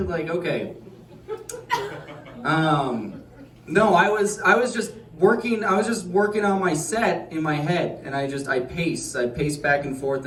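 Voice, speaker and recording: Rambling deadpan man on a club stage. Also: a little high, far from the mic. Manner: deadpan, rambling, self-deprecating. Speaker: stand-up comedian. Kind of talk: stand-up set. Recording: roomy club sound with crowd laughter.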